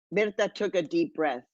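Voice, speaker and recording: A woman's voice: low voice, darkish tone, no room sound. A woman from Mexico, an author, reads aloud from her memoir in a vivid storytelling manner and drops in Spanish phrases now and then. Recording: dull, lo-fi, dry.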